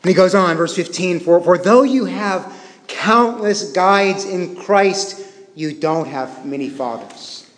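A pastor in his thirties delivers a sermon with a high, bright-sitting voice. He tells stories animatedly, with restarts and self-deprecating laughs. The sound carries a long hall reverb, as from a church sanctuary. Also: slow pace.

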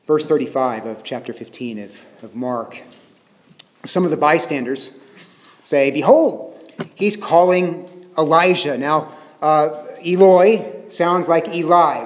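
A man preaching a Bible sermon in a conversational way, often asking the listeners questions. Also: fairly high pitch. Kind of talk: expository sermon. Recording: reverberant hall.

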